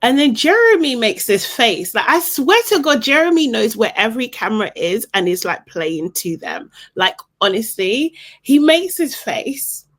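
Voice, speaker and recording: A woman's voice: a little high, sing-song, moderate pace, few pauses, fairly bright tone. A young woman hosting a casual reality TV recap, sarcastic and exasperated, often laughing as she talks.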